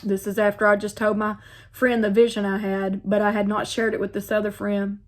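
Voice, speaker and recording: A woman's voice: medium pitch, little pitch movement, brisk. A woman telling her personal faith story to viewers, earnest and heartfelt, often repeating phrases and speaking to them directly. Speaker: faith vlogger. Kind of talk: personal testimony, casual.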